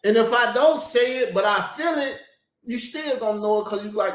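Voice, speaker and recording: Host, male, high-pitched, blunt and profane delivery, echoey room. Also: normal speed, fairly bright tone. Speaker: show host. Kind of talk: heated casual talk.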